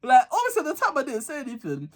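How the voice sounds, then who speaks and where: A young man tells a story from his school days on his vlog. His pitch swings widely as he acts out the teachers and his friends, and he keeps breaking into laughter. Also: rapid-fire. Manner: animated, acts out dialogue, laughs a lot. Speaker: vlogger. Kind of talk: casual storytime.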